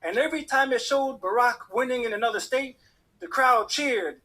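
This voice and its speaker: A man telling a personal story in an animated way, acting out the people in it. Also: extremely high pitch, normal speed. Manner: animated, acts out the voices of people in his story. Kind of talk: personal story told to an audience.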